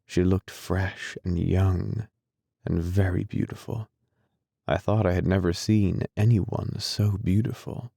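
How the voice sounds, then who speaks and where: A man narrating a classic novel as an audiobook, in a measured, deliberate reading style. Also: low voice, fairly even intonation, creaky, warm tone, no echo, clean studio sound. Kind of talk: scripted narration.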